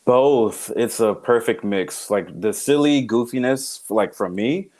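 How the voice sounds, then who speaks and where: A man guesting on a casual podcast, playful and quick to slip into acted quotes. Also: medium pitch, a little mellow. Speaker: guest comedian. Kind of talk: casual chat.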